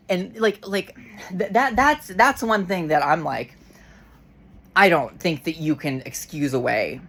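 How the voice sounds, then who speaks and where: A woman's voice: lowish voice, animated, fairly bright tone, breathy edge. Fired-up woman ranting in a vlog. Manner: heated and frustrated, swearing, halting restarts. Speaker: vlogger. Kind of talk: casual rant to camera.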